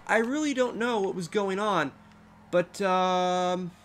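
A man's voice: high-pitched, slow, fairly bright tone, a little hiss or hum. A young man in his twenties giving rambling, frustrated, swearing commentary over a game. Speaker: gamer. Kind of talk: let's play commentary.

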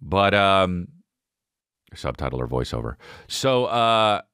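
A man hosting a podcast, telling a comic story in a loud, profane way and acting out each person's lines. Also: slow pace, clean tone, no room sound, clean studio sound. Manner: animated and profane, acting out dialogue with big pitch jumps. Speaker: podcast host. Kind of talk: comedic storytelling monologue.

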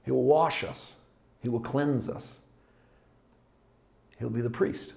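A man teaching a sermon as pastor, shifting between loud, emphatic preaching and quiet, reflective asides, sometimes tongue-in-cheek. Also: medium pitch, fairly even intonation, slow, gravelly.

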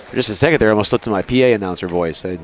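A man's voice: on the low side, very fast. Man calling a basketball game. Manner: relaxed, chatty, with asides. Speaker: play-by-play commentator. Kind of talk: local sports commentary. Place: school gym. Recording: noisy gym ambience. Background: crowd and bouncing balls.

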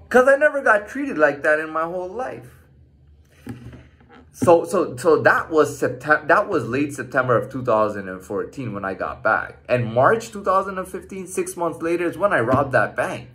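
Lively, profane man in his thirties. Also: medium pitch, normal speed. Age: 30s. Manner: loose and profane, full of "like" and "man" fillers. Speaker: storyteller recounting his own past. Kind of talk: casual personal storytelling monologue.

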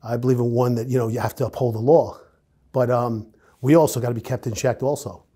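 A man's voice: medium pitch, steady tone, fairly quick, warm tone, breathy edge. A middle-aged man with a New York accent, a retired police officer, bluntly telling stories in an interview and acting out the dialogue. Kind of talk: casual storytelling interview.

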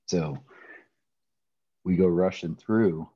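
A middle-aged man telling a personal story in a podcast interview, animated, often laughing and acting out quoted voices. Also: deep voice, takes it slowly, slightly rough, dry recording, dull audio. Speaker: interview guest, pro wrestler.

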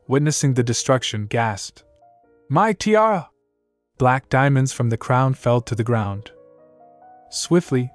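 Steady male story narrator, mid-pitched. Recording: dry voice-over with background music.

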